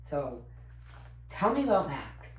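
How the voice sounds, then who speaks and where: A woman with a fairly low voice hosts a casual podcast chat, telling stories in an animated way and laughing easily. Her voice sounds roomy, with echo from the room around her. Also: slow. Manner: animated, laughs often, acts out quotes. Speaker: podcast host.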